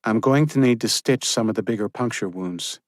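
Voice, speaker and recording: A fierce, caring young woman medic, spoken high and quick to tease, as a man puts her on. Her lines are lifted well above a deep male reading voice and heard close and dry. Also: dry recording, close to an everyday voice. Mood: urgent, teasing. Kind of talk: audiobook character reading.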